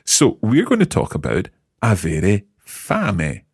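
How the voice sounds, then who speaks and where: Deep, husky male language teacher. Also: wildly swooping pitch, takes it slowly, no room sound, clean studio sound. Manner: encouraging, patient questioning. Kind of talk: guiding a language lesson.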